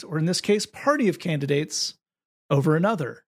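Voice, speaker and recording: With a gravelly, higher-leaning voice and a fairly quick pace, a man hosts an informal podcast. He's sardonic and mocking throughout, reading quotes out with animation.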